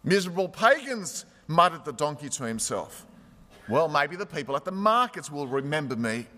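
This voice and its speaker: Guy doing a stuck-up little donkey, huffy and offended, high bright voice. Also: very animated, moderate pace, long reverb tail. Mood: indignant. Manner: huffy, self-important. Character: proud, indignant young male donkey.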